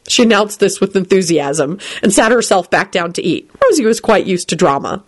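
A woman narrating a storybook reading in an expressive way. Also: mid-range voice, moderate pace, hardly any pauses.

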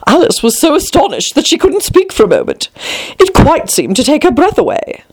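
A woman reading a children's storybook aloud, expressive and voicing every character herself. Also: high voice, fairly quick. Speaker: narrator.

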